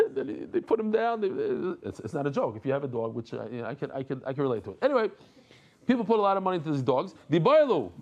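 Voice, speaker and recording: A middle-aged man giving a daily Talmud lesson, animated and jokey, mixing in Hebrew and Yiddish terms. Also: fairly high pitch, quick pace, lo-fi sound, slight background noise. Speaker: Talmud teacher.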